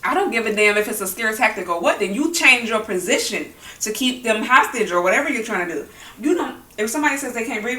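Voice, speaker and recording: A woman's voice: on the high side, expressive, quick pace, bright, forceful tone, recorded from a distance. Heated, profane woman vlogger, echoey room. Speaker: mukbang vlogger. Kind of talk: angry opinion talk while eating.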